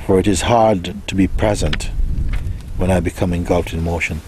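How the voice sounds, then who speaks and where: A man giving a spiritual talk, soft-spoken and unhurried, musing gently with pauses as he answers a question. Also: low voice, steady tone, slight background noise. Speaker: spiritual teacher.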